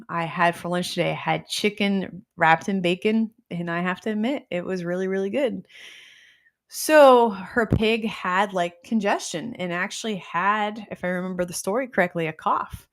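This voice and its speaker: A woman hosting a casual live stream, telling stories in an excitable, bubbly way and greeting viewers as she goes. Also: on the low side. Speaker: host teaching nutrition testing.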